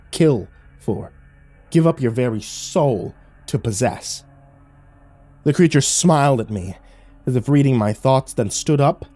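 A man reading a horror story aloud in a dramatic, slow, drawn-out narration. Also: mid-range voice, mellow.

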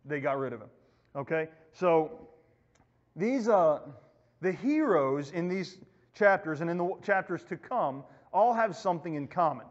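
High-pitched male youth pastor, casual Bible lesson, echoey hall, muffled lo-fi recording. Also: lively intonation, unhurried. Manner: casual, storytelling, acts out quotes.

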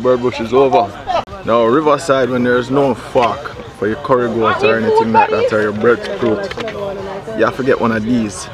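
Man savoring food aloud outdoors. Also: medium pitch. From Jamaica. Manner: savoring, with frequent exclamations and hums. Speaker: food vlogger host. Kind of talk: food tasting commentary. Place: outdoor riverside cookout. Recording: loud crowd chatter outdoors.

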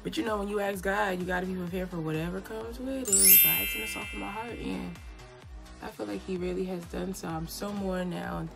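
Brisk and steady in tone, a young adult woman with a mid-range voice and vocal fry chats while applying makeup at home. She's a beauty vlogger doing a casual get-ready-with-me video indoors, slangy and encouraging, with faint background music.

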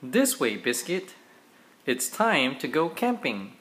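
A father reading a children's picture book aloud to his kids in a gentle, playful, animated way. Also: medium pitch, takes it slowly, slight background noise.

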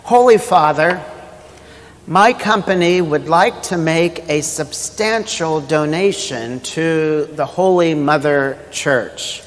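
Eager salesman making his pitch, put on by a male pastor telling a joke; slow, echoing hall. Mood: pleading.

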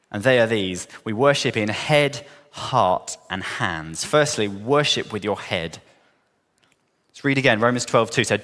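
Southern English preacher in a reverberant hall. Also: male voice, medium pitch. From southern England. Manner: earnest, builds to emphatic questions then drops soft. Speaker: pastor. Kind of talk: sermon. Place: church hall.

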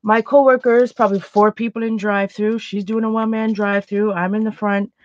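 A woman's voice: mid-range voice, flat delivery, fairly quick, dry recording. A woman chatting casually while painting, a laughing storyteller. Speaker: art vlogger. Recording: dull, dry lo-fi sound.

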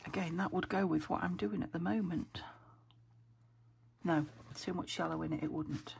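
A woman's voice: fairly low pitch, steady tone, moderate pace, creaky, slight background noise, rough recording. A woman from England chatting casually as she sorts craft papers. She thinks aloud and keeps dropping to a whisper because her voice is weak and she is saving her throat. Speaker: craft vlogger. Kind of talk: casual chat while sorting craft papers. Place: craft room at home. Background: paper crinkling and clicks.

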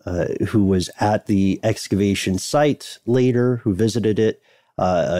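A man co-hosting a podcast, telling a history story in a wry, digressive, casual way with many pauses. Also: lowish voice, mellow, dry recording, clean studio sound. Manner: wry, digressive, thinking aloud with fillers. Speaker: podcast co-host.

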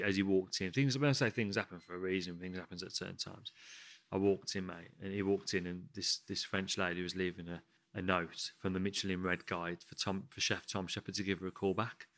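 Low-voiced man telling stories. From England, Sutton Coldfield. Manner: animated, swears often, laughs through stories. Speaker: guest chef. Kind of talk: casual podcast storytelling.

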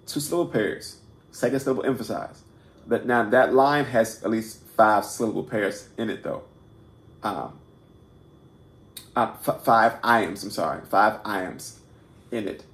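A fairly low, fairly bright male voice moves at a measured pace with frequent pauses as he hosts a casual poetry lesson on video. The room is echoey, and he talks informally and self-deprecatingly, restarting, repeating words and asking "right?" a lot.

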